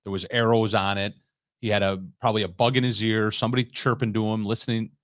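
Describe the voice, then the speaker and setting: Low-voiced wry man in dry studio. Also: flat delivery, quick pace, no room sound. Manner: wry, joking asides. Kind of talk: casual political chat.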